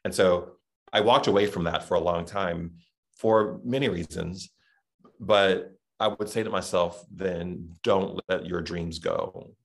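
A man's voice: sits low, a little slow. A middle-aged man from Texas with a Southern accent, chatting reflectively as an interview guest with many fillers. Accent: Southern American. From Texas, USA. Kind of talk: casual interview chat.

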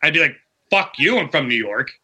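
A man co-hosting a casual podcast, watching wrestling and trading animated, profane banter with friends. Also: a little high, fairly quick, breathy edge. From Vermont. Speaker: podcast co-host. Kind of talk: casual watch-along chat.

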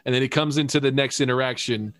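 Man, casual chat, animated, swears a lot, mid-pitched voice, dry close sound. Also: fast talker, no echo. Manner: animated, swears freely, laughs often. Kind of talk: casual chat about a TV episode.

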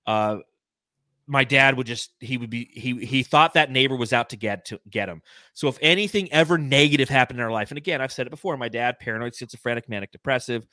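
A man's voice: medium pitch, fast talker, no room sound. A man from California, co-hosting a casual sports podcast and telling stories animatedly with lots of laughter. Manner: storytelling, laughing often, animated. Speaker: podcast co-host.

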